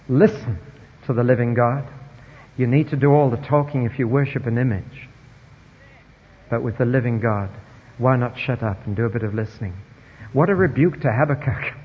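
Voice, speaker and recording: A man preaching a sermon, emphatic and wry, dropping quiet then rising loud, in a dull, echoey hall recording. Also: medium pitch, expressive, normal speed, husky.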